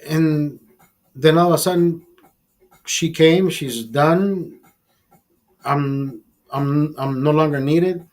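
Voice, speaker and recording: A livestream host with a voice on the high side speaks slowly and pauses often. He's telling a bitter, crude story as a heavily profane rant.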